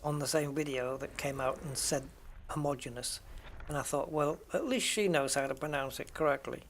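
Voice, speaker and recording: A man's voice: on the high side, fairly quick, a bit bright, slight background noise. A British man streaming a game, chatting casually with his viewers in a rambling way and often correcting himself. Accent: British English. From United Kingdom. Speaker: game streamer answering chat. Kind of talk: casual chat while gaming.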